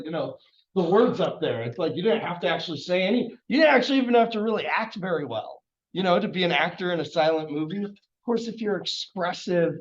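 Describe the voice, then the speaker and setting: A middle-aged man teaching history in a casual, rambling, enthusiastic classroom lecture. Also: fairly high pitch. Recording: dull lo-fi classroom recording.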